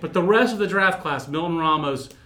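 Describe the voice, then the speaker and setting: A man in casual podcast chat about baseball prospects, animated and rambling, poking fun at himself. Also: a little high, brisk. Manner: animated, rambling, self-mocking.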